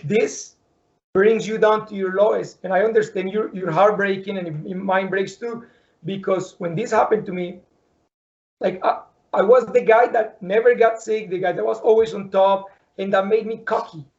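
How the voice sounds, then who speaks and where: A man's voice: sits high, normal speed, highs cut off. A man hosting an interview, talking earnestly and restarting his words often. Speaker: podcast host. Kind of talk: emotional interview conversation.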